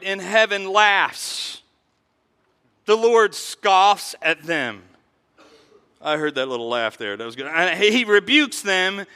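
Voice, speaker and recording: A man's voice: sits high, bright, forceful tone, smooth. A man preaching a sermon as pastor, conversational and full of restarts, in a large church hall. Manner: conversational preaching with frequent restarts, acting out quoted voices. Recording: long hall reverb.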